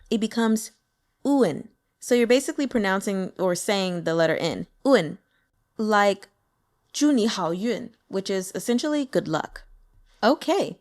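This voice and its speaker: Upbeat woman teaching pronunciation. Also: medium pitch. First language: English. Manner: upbeat, demonstrates sounds with exaggerated vocal examples. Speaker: language teacher. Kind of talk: casual explainer lesson.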